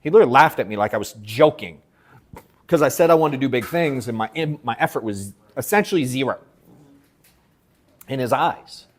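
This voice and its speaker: The sales coach addresses a live workshop audience in person, spinning a casual, slang-heavy, profane yarn and performing other people's lines with lively acted quotes. His pitch is medium and his pace a little fast, broken by long pauses.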